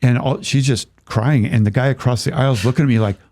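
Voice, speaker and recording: An older man, a podcast guest, telling a lively story in casual conversation and acting out the voices of the people in it. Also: mid-range voice, quick pace. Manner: acts out voices in his stories, chuckles often.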